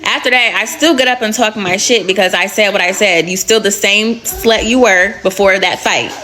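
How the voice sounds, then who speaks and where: A woman's voice: medium pitch, normal speed, pushed and bright. A young adult woman telling a personal story in a casual storytime vlog, candid, slangy and blunt.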